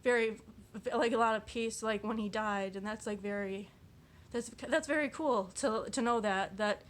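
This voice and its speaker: Rambling, chatty woman with a high voice. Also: moderate pace. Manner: chatty and rambling, full of "like" and restarts; giggly and self-deprecating. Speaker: vlogger. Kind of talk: casual vlog, reading and reacting to quotes.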